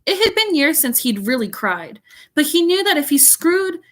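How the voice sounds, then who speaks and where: Woman teacher, read-aloud over video call; chatty asides, bright animated voice. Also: high voice. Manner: chatty, pausing to comment and explain. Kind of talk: read-aloud storytelling to a class.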